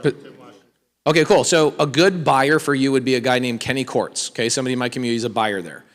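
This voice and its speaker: A man's voice: medium pitch, fast, in a large hall. A man giving a live real estate seminar, energetically quizzing the audience with questions and asking for raised hands. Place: large hall with an audience.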